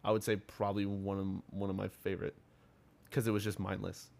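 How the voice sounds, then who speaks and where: A man's voice: on the low side, monotone, a little fast, gravelly, darkish tone. A man co-hosting a casual gaming podcast, rambling and profane, loose and filler-heavy. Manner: rambling, laid-back, profane, lots of filler words. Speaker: podcast co-host.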